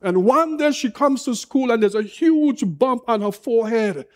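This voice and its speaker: A man preaching a sermon as pastor, slow and impassioned with dramatic pauses. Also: very high-pitched, lively intonation.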